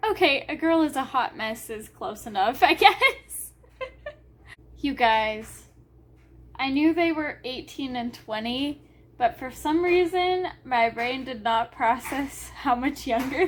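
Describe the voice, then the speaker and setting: Speaking slowly in a high register, a woman reacts to a book in a casual reading vlog. This book vlogger is gushing and excitable, with frequent squeals and laughter.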